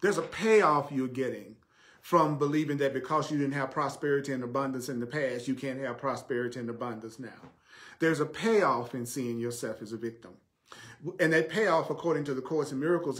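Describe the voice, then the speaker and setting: A man with a Southern drawl gives a spiritual talk at a middling pitch. He hammers his points home through repetition and keeps posing rhetorical questions to his listeners. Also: fairly quick. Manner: emphatic, repeats key phrases, asks rhetorical questions. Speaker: spiritual teacher. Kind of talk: livestreamed spiritual teaching.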